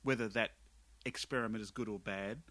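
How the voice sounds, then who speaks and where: A man hosting a casual podcast chat, enthusiastic and halting, often repeating words as he talks. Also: lowish voice, fairly even intonation, fairly bright tone. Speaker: podcast host.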